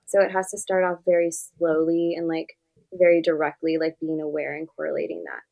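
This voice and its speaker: A woman with a fairly low voice speaks as a therapist on a podcast. She gives direct, earnest advice in a casual way and fills her sentences with "like". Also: level tone, brisk, gravelly, warm tone, rough recording. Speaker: therapist guest. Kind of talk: podcast interview conversation.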